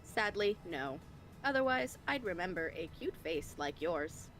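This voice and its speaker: A woman voicing an energetic, cheerful female brain in a jar, with a slightly robotic, upbeat and flirty delivery, heard over an online voice call. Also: fairly low pitch, unhurried, faint music behind. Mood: chipper. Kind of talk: fan voicing of game dialogue. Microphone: voice call over the internet.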